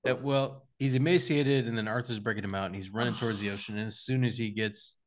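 A young man co-hosting a casual movie podcast, rambling with many fillers and getting animated when he jokes. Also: on the low side, quick pace. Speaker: podcast co-host. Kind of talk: casual movie review chat.

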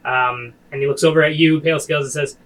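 A man's voice: a little high, steady tone, fast, fairly bright tone, poor audio. A man narrating a tabletop game as game master, casual and loose with many fillers.

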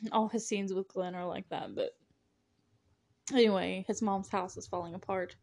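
A woman's voice: medium pitch, unhurried, gravelly, a little mellow. A young woman hosting a podcast, chatting casually and gushing about a movie, rambling with frequent laughs. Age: young adult. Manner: gushing, rambling, laughs often, many "like" fillers. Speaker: podcast host.

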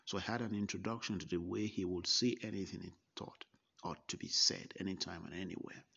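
A man slowly recounting a personal story, first person. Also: sits low, fairly even intonation, vocal fry, a bit bright, husky. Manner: slow, deliberate recollection with quoted dialogue. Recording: dull lo-fi recording.

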